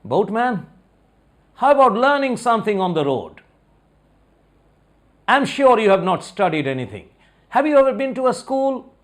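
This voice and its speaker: A man's voice: high voice, very animated, moderate pace, long pauses, pitched above the performer's own voice. A man voicing a haughty, condescending scholar who quizzes and mocks a boatman in a spoken story. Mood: coaxing. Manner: condescending, lecturing questions. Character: haughty, mocking male scholar.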